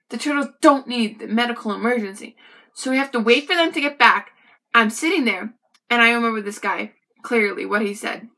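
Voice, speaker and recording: Bright, chatty young woman telling a story. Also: on the high side. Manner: chatty and animated, with asides to the viewer. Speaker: vlogger. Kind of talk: casual storytelling to camera.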